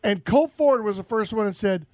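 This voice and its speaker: A man with a Southern US accent hosting a casual radio chat, telling stories in a rambling, animated way and laughing often. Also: sits high, moderate pace, no echo, studio quality. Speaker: radio show host.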